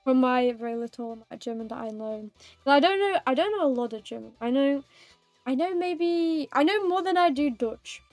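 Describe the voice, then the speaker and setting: A woman with a high, bright-toned voice chats with her stream viewers, playful and giggly, rambling and teasing. Her voice is close and dry, with soft music playing under it. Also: lively intonation, a little fast, no echo. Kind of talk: casual live-stream chat with viewers.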